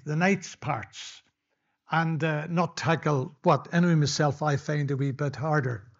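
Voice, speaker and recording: An older man delivers a sermon in a slightly higher-pitched voice, talking candidly and conversationally and often restarting his sentences. The sound is dull and lo-fi. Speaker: preacher. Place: church.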